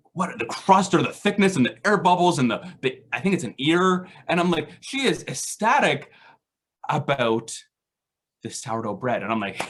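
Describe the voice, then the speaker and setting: A man's voice: medium pitch, a bit bright, slightly rough. A man giving a casual, self-deprecating faith reflection at an online recovery meeting, full of rhetorical questions.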